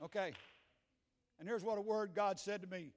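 A man in his sixties with a Southern US accent, preaching a Pentecostal sermon as pastor, moving from quiet storytelling to shouted preaching in a church. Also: high-pitched, fairly even intonation, normal speed. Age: 60s. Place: church sanctuary. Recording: echoey hall with long reverb.

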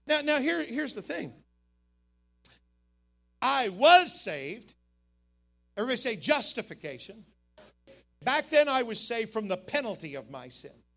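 High-voiced, bright-toned preacher. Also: male voice, big pitch swings, a little fast, creaky, faint music behind. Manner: emphatic, swinging from quiet asides to shouted climaxes. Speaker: pastor. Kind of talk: sermon. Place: camp meeting service.

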